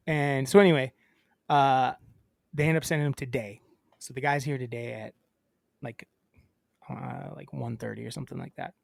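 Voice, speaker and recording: A man's voice: mid-range voice, steady tone, moderate pace, creaky, pauses often, dry recording, clean studio sound. A man co-hosting a podcast, chatting casually and acting out a phone call as he tells a story. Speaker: podcast co-host. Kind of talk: casual chat.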